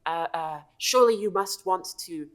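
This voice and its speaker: A woman voicing a small, timid and eager male kobold who stammers in a high squeaky voice. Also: normal speed, close to an everyday voice.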